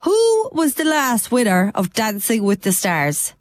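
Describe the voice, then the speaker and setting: An Irish woman with a Cork accent and a blocked-up nose, hosting a podcast and telling stories in a chatty, animated way. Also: fairly high pitch, no room sound. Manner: chatty, animated storyteller, quick laughs. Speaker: podcast co-host. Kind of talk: casual chat.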